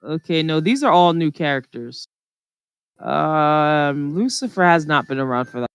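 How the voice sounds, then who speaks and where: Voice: medium pitch, lively intonation, a little slow, slight background noise. A podcast co-host chatting casually, rambling through stories with lots of fillers. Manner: rambling, filler-heavy storytelling. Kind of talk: casual chat.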